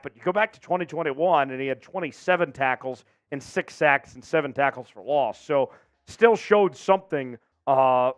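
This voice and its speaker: A man hosting a live sports news show, talking fast and animated about players, then coughing, losing his voice and apologizing to viewers. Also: on the high side, dry recording.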